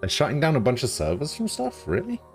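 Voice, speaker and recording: A British man streaming live, chatting casually with dry, deadpan humor and some swearing as he answers chat. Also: mid-range voice, quick pace, soft background music.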